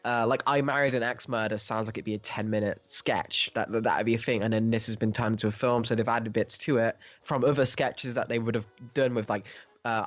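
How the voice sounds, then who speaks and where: A man's voice: medium pitch, steady tone, fairly quick, dry recording, faint music behind. A man co-hosting a podcast, chatting casually about a film, rambling and laughing often. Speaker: podcast co-host. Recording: dry, slightly dull podcast audio.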